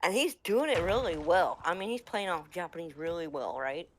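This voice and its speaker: A woman's voice: fairly low pitch, expressive, a little fast, a little hiss or hum. A woman from the United States telling a funny gaming anecdote in casual chat, laughing often. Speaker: storyteller.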